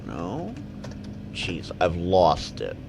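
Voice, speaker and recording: A man's voice: deep voice, huge pitch swings, extremely slow, gravelly, slight background noise. A man hosting a casual live Q&A, rambling as he reads out viewer comments and answers them. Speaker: livestream Q&A host.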